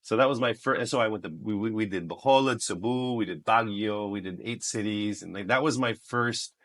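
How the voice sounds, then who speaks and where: A man raised in the United States, telling stories as a guest on a podcast, joking and animated. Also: lowish voice, a little fast. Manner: animated, joking, mixes in Filipino phrases. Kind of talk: casual interview storytelling.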